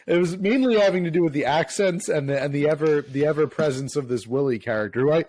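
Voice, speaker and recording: Male podcast co-host, mid-pitched, playful and halting, dry close sound. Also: a little mellow, dry recording, low-quality recording. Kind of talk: casual chat.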